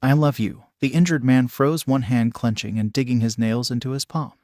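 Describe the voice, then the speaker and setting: A man narrating a fanfiction story, reading in an even, steady way. His voice sits at a middling pitch. The recording is dry and close, with no room sound. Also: normal speed, no echo.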